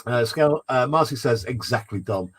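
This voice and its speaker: A man's voice: mid-range voice, normal speed. A man hosting a livestream, reading chat messages aloud with frequent laughs and fillers. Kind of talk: casual chat.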